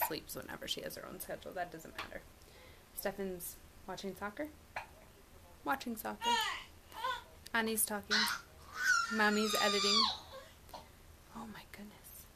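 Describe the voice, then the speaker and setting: A young mom vlogger chats casually to her camera indoors at the family home, rambling and using fillers. Her voice is fairly low, with background noise present.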